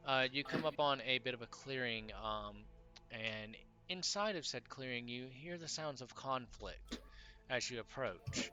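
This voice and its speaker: Here a male game master narrates a tabletop session, laid-back and stop-start, peppered with fillers. He speaks in a mid-range voice over quiet background music.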